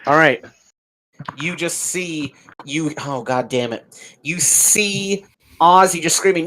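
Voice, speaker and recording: Man, dungeon master, unhurried, vivid rambling narration, lots of fillers. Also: a little high, bright, forceful tone, low-quality recording. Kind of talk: narrating a tabletop game.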